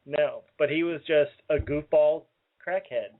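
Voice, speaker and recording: A man's voice: fairly high pitch, measured pace. A man co-hosting a comedy radio show, enthusing wryly about a film. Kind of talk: casual comedic banter. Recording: phone-like narrow-band audio.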